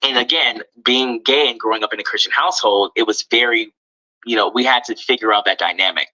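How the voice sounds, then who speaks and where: A man's voice: medium pitch, brisk, bright, forceful tone, muffled recording. A man telling a personal story in an earnest, open and somewhat hesitant way, heard from a clip played back. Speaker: guest telling his story.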